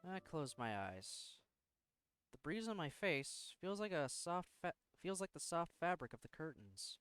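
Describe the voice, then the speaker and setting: A man reading a visual novel aloud in first person, slow and introspective, now and then tripping over words. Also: fairly high pitch, big pitch swings, a bit bright, clear, resonant tone, faint music behind. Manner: slow, introspective, sometimes tongue-tied.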